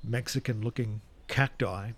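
A man's voice: lowish voice, fairly even intonation, unhurried. A man hosting a casual radio chat, playful and jokey, with bursts of mock outrage. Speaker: radio host.

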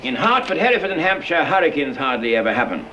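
A man's voice: fairly high pitch, sing-song, moderate pace, lo-fi sound. A man playing a stern, impatient male speech teacher who gives commanding, exasperated instructions in a film scene. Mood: instructing. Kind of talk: film dialogue.

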